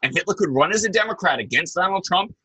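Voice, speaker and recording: A young man hosting a political talk show, speaking in an emphatic, scornful way with sharp peaks. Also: high voice, expressive, fast, slightly rough, no echo, low-quality recording. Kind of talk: heated political chat.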